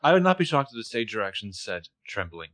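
A man's voice: on the low side, sing-song, quick pace, a bit bright. A man co-hosting a podcast who talks thoughtfully about camera shots and scenes in a casual chat. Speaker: podcast co-host.

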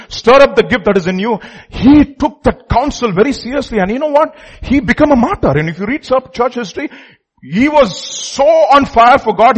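A man with a high, husky voice delivers a sermon. He drives his points home by repeating phrases and asking the congregation questions, then answering them himself. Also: rough recording. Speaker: preacher.

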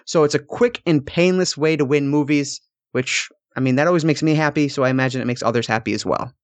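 A man's voice: a little high, quick pace, dry recording. A man hosting a film podcast, chatting casually with loose, profane asides. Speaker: podcast host.

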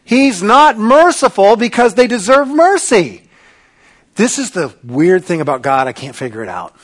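A male pastor preaching a sermon, dramatic and sarcastic, swinging between loud bursts and hushed asides. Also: high voice, sing-song, moderate pace.

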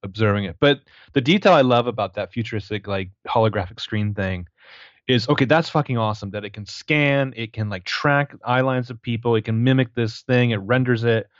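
A man co-hosting a casual film podcast, retelling scenes with eager, animated enthusiasm. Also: mid-range voice, a little fast, no echo, dull audio. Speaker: podcast co-host.

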